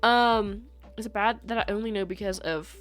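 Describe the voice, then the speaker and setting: A woman's voice: mid-range voice, fairly even intonation, moderate pace, faint music behind. Chatty joking young woman streamer. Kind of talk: casual live-stream chat.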